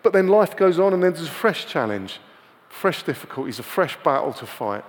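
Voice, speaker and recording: A man delivers a sermon in a loose, conversational way, checking in with his listeners through rhetorical questions. His voice sits a little high for a man. The room carries a long, echoing tail behind him. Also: big pitch swings, moderate pace. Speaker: preacher.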